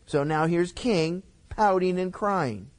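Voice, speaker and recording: A man's voice: sits high, slow pace. A male pastor works through scripture verse by verse, stopping to explain in plain everyday words. His delivery is conversational, with casual asides and restarts. He sounds like he is teaching a congregation.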